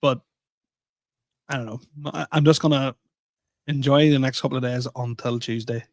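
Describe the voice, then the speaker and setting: A man's voice: medium pitch, steady tone, moderate pace, darkish tone, dry recording. Laughing man, dry close sound. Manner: laughing, self-deprecating storyteller. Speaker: podcast co-host and stand-up comedian. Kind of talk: casual chat.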